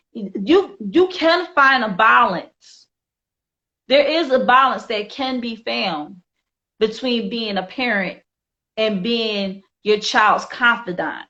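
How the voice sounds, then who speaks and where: A woman's voice: mid-range voice, a bit bright. A woman hosting a casual discussion show who speaks in an earnest, informal and opinionated way. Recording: slightly dull lo-fi sound.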